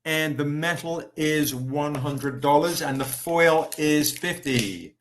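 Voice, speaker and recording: A man's voice: fairly high pitch, slow, fairly bright tone. Upbeat man hosting a live sales stream. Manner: upbeat, chatty, calls out viewers by name. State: recovering, tired. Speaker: live stream host selling comics.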